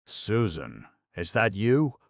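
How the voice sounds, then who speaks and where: A man voicing a frail, gentle soldier officer who speaks hoarsely and hesitantly, weak from a cough. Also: on the low side, very animated, slow, dry recording, clean studio sound, pitched above the performer's own voice, full character voice. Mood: weary pleading.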